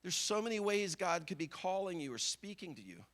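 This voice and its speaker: Male pastor with a high voice, conversational sermon that acts out people's inner thoughts. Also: sing-song, fairly quick, fairly bright tone. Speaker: visiting pastor.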